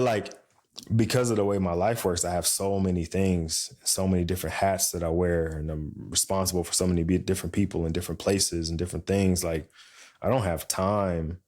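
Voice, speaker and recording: Deep-voiced man telling a story. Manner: animated storytelling, acts out quoted voices. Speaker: podcast co-host. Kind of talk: casual chat.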